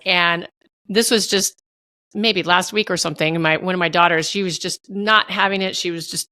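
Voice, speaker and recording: A woman hosting a casual interview podcast, telling relatable stories from her own family life in a chatty, easygoing way. Her voice is bright and forward, recorded close and dry with no room sound. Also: on the low side, fairly even intonation, moderate pace, dry recording. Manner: chatty and relatable, tells personal parenting stories. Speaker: podcast host.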